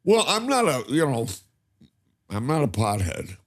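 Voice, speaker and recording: A man's voice: mid-range voice, wildly swooping pitch, a little slow. An older man, a guest in a casual chat, telling stories animatedly and laughing often. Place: cannabis company campus studio.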